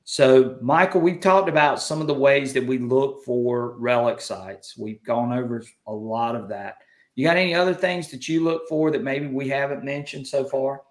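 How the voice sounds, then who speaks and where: A man's voice: medium pitch, moderate pace, reverberant. A man with a Southern US accent hosting a casual live chat, folksy and upbeat as he reads out viewer comments. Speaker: livestream host.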